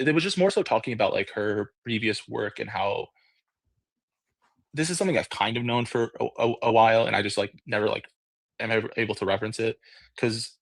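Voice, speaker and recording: Low-voiced hesitant man. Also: dry recording. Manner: hesitant, many fillers and restarts. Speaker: audio room panelist. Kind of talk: casual discussion.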